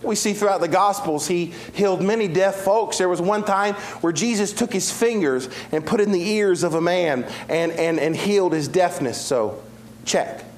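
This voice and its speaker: A man preaching a sermon, telling Bible stories with lively swings between loud, fast passages and hushed, slow ones. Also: sits high. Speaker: pastor.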